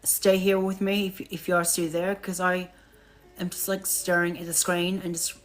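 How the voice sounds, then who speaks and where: A tired woman hosting a casual live-stream chat, pausing often to rest her voice and thanking viewers. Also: on the low side, flat delivery, faint music behind, low-quality recording. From Australia. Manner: slow, breathy pauses, thanking viewers. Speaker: livestream host.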